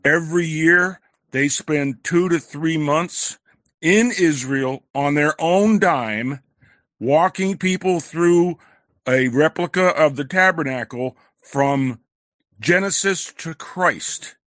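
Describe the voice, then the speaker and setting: A man calling into a faith talk show, explaining things in a measured, conversational way. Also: a little high, fairly bright tone, no room sound, studio quality. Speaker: caller. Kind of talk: casual chat.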